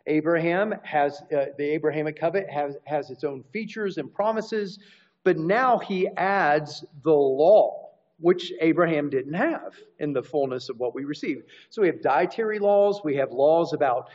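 A man's voice: fairly high pitch, normal speed, a little mellow. A man preaching a teaching sermon, explaining scripture and restarting phrases as he goes. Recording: dull lo-fi recording.

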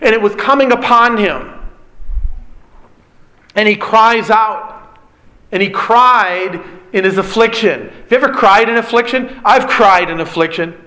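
A man's voice: sits high, unhurried, pauses often, pushed and bright, poor audio. A male preacher giving an emphatic sermon, repeating key phrases and putting questions to his listeners.

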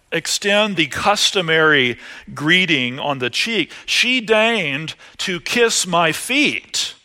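A man preaching a sermon, moving between loud emphatic lines and hushed, quieter asides. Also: high-pitched. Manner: animated, rising to loud emphasis then dropping to hushed asides.

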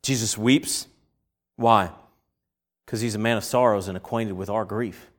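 Man, preacher, sermon, rhetorical questions, animated acted-out quotes. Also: measured pace. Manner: asks rhetorical questions and answers them; acts out quoted voices with big jumps in pitch and loudness.

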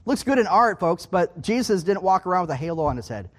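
A man's voice: high-pitched, big pitch swings, quick pace. A man giving a Bible teaching sermon in an emphatic way, repeating key points and checking in with his listeners. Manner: emphatic, repeating key phrases and asking "okay?". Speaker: preacher.

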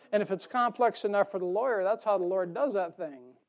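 This sermon comes from a man with a high-sitting voice and a brisk delivery. He's folksy and emphatic, chuckling at his jokes and swinging from loud points to hushed asides.

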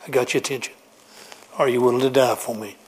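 A man's voice: medium pitch, fairly even intonation, fast talker, breathy edge. A man preaching a sermon, emphatic and repetitive as he pleads with his congregation.

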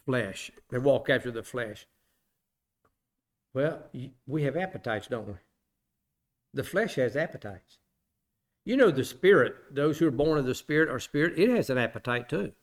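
Man preaching with emphatic repetitions. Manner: plain-spoken, repeats phrases for emphasis, asks the listeners rhetorical questions; swings between loud emphatic bursts and quiet low asides. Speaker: pastor teaching a Bible study. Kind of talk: sermon.

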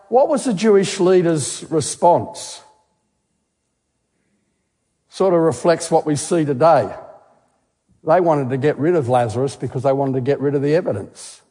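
A man with a fairly high voice delivers a sermon. He speaks with emphasis, posing questions and repeating words to drive them home. His voice carries a long reverb, as if in a large hall. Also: a little slow, darkish tone. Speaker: guest speaker, geologist.

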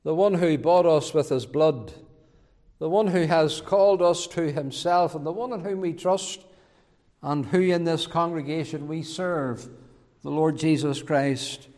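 A man preaching a sermon as pastor, in a measured way that repeats key phrases. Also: a little high, a little mellow, long reverb tail. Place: church.

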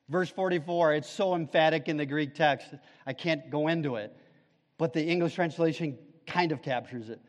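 A man preaching with fervent, rising intensity that drops to hushed, measured asides. His voice sits a little high for a man. A long reverb trails each phrase through the hall. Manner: swings from loud fervent peaks to hushed low passages. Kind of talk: sermon.

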